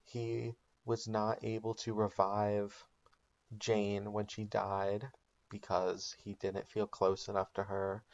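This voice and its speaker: A man's voice: fairly low pitch, little pitch movement, measured pace, muffled recording. A man telling a comedic made-up recap of a TV show in a casual storytelling way with ums and likes. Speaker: channel host.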